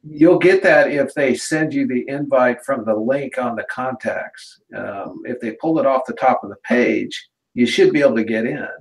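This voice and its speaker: A man's voice: mid-range voice, normal speed, low-quality recording. A man joining a live video hangout remotely, explaining things in a matter-of-fact, casual way. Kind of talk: casual chat, explaining tech problems. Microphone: remote video call.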